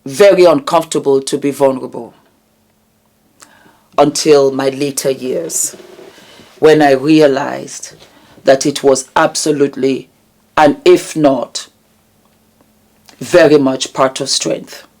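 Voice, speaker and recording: A woman hosting her own channel, talking earnestly and emotionally about vulnerability and healing, with deliberate repetitions. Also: a bass voice, fairly even intonation, a little mellow. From United Kingdom. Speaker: channel host. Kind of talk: reflective commentary vlog.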